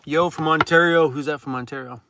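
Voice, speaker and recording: A man's voice: fairly high pitch, fairly even intonation, brisk, sharp tone, slight background noise. A man hosting a casual livestream from inside his van, reading out viewer comments, worn out and laid-back, chuckling often and talking while chewing. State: tired, worn out. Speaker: van life vlogger hosting a live chat.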